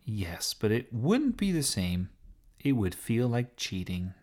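A man voicing an excited, curious young girl in a children's story, speaking in a raised, eager voice. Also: slow pace, exaggerated voice. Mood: earnest. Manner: eager, explaining, raised pitch. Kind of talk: storybook character voice.

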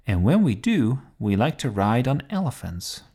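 A man's voice: medium pitch, sing-song, normal speed, mellow, husky, pitched above the performer's own voice. A man voicing a young princess in a children's story, speaking plainly. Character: young princess, calm and matter-of-fact.

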